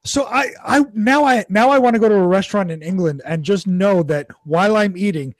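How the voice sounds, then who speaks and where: A man's voice: high-pitched, fairly quick, no echo. A man co-hosting a casual talk show who reacts with incredulous jokes. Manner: incredulous, joking. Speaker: co-host. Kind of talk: casual podcast banter.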